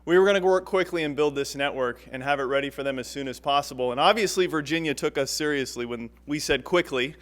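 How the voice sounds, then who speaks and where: A man's voice: mid-range voice, a bit bright. A man giving an upbeat, emphatic speech at a press event as a company executive. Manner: upbeat, emphatic, repeats for stress. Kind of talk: public speech at a podium.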